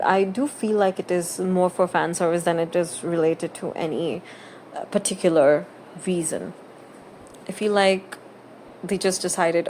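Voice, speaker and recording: A woman's voice: lowish voice, a little mellow, a little hiss or hum. Earnest woman giving casual commentary. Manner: earnest, emphatic, talks through her thoughts. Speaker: gaming video creator.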